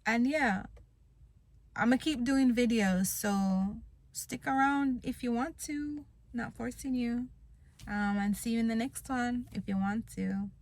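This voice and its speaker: A woman's voice: fairly high pitch, steady tone, slow pace, dry recording. A young woman vlogging, venting bluntly and with plenty of swearing about wanting to quit her job. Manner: frustrated, blunt, swears a lot. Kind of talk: venting to camera.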